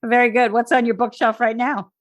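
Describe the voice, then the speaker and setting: A woman's voice: fairly high pitch, steady tone, brisk. A woman hosting a casual podcast interview, asking friendly, curious questions. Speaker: podcast host.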